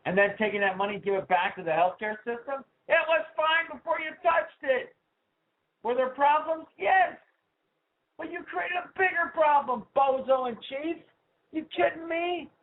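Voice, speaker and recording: A man hosting his own talk radio show, ranting with heat and swinging from low asides to loud outbursts. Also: moderate pace. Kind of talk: political talk radio rant. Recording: tinny phone-like sound.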